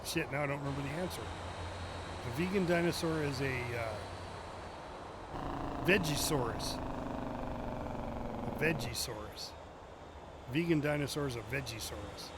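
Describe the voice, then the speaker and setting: A man's voice: mid-range voice, normal speed, long pauses, very noisy. A man streaming a driving game, chatting casually and cracking jokes at his own puns. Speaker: gaming streamer. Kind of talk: casual live gameplay chat.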